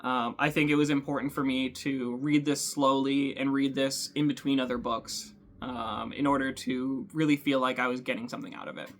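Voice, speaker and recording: A man hosting a book channel, talking thoughtfully to camera with frequent ums and pauses. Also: mid-range voice, flat delivery, fairly bright tone. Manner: thoughtful, hesitant, many ums. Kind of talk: casual talk to camera.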